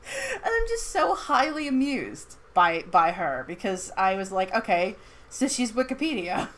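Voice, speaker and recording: A woman's voice: a little high, sing-song, unhurried, a bit bright. A woman chatting casually about a character from a tabletop game, giggling often and acting out quotes. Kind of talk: casual chat.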